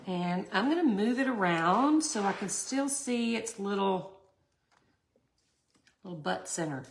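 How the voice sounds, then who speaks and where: A woman's voice: mid-range voice, lively intonation, measured pace, vocal fry, a little hiss or hum. A chatty middle-aged woman, hosting a casual craft tutorial and talking to her viewers. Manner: chatty, laughs often, talks to viewers. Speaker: resin art tutorial host.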